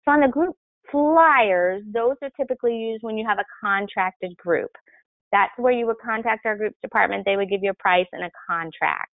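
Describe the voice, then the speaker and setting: A woman presenter walks through her answers in a clear, helpful manner. Her voice reaches us over a tinny, phone-like line. The sound is dry, with no room around it. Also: medium pitch, normal speed, dry recording. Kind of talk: webinar Q&A explanation.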